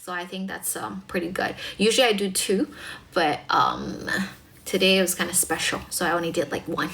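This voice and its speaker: Chatty woman hosting a livestream, vocal fry. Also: on the low side, normal speed. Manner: chatty, relaxed, with many fillers like um and like. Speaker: livestream host and English speaking tutor. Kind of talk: casual livestream chat with viewers.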